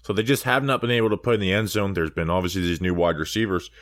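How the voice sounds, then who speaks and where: A man with a low voice hosts a casual sports podcast. He talks in an excitable, chatty way, like a keen fan. The recording is dry and close. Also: quick pace, dry recording. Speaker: podcast host.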